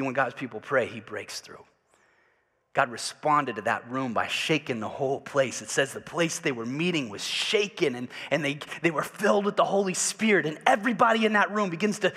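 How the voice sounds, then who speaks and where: A male pastor preaching a sermon, swinging from loud passionate preaching to quiet confiding asides and leading the congregation in call and response. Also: on the high side, expressive, moderate pace, in a large hall. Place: church sanctuary.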